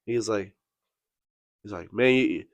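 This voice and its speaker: A man with a low voice recounts a bad date on a casual podcast, cursing freely and acting out each person's lines. The sound is dry and close to the mic. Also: takes it slowly, no room sound. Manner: profane, animated storytelling with acted-out quotes. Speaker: podcast co-host. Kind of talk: casual storytelling.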